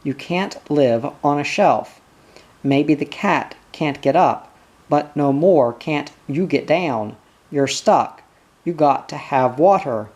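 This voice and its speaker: A slow-paced reader voicing Pod, a tiny, weary, stubborn father who speaks in an expressionless, tired way in an audiobook. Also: mid-range voice, animated, a little mellow. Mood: flat weary. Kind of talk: audiobook character reading.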